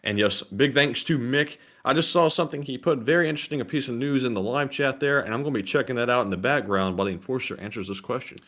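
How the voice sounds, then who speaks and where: A man's voice: mid-range voice, fast talker, hardly any pauses, a bit bright. Easygoing male co-host reading donations. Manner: easygoing, reads donations aloud. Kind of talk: casual live-stream chat.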